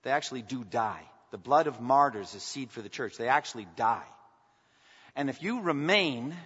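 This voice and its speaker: A man's voice: mid-range voice, animated, normal speed, fairly bright tone, breathy edge. Man preaching in a reverberant hall. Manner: impassioned, rising to emphatic peaks when reading scripture. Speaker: pastor. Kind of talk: sermon. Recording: dull sound with long hall reverb.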